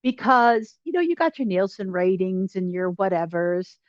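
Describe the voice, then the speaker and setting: Animated woman host on a dry, dull call line. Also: mid-range voice, no room sound. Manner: animated, quick bursts of enthusiasm. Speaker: journalist host. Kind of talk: casual interview chat.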